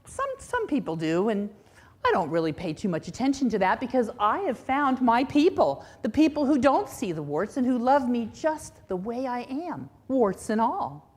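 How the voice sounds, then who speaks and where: A woman voicing a calm, kindly old wise man in a spoken parable, talking softly and gently. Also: fairly high pitch, slightly rough, pitched above the performer's own voice. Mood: gentle, calm. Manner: soft, gentle and unhurried.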